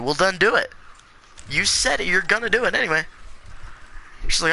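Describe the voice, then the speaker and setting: A man's voice: high voice, expressive, moderate pace, gravelly, pauses often, pushed and bright, slight background noise, rough recording. A fifteen-year-old boy ranting defiantly in casual chat while playing a game. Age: teens. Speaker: gaming streamer.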